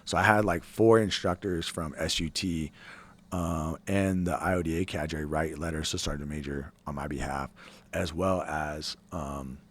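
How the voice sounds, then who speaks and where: A man's voice: extremely low pitch, fairly even intonation, measured pace. A man in his forties, an army veteran guest telling his story in a blunt, profane, rambling way. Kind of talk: casual interview storytelling.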